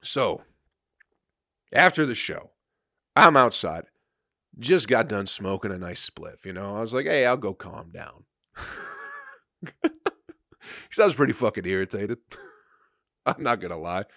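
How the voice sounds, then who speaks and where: A man's voice: lowish voice, huge pitch swings, slow, pauses often, sharp tone, no echo, clean studio sound. A man, a comedian and podcast host, telling a rambling, profane story in casual chat with frequent laughter.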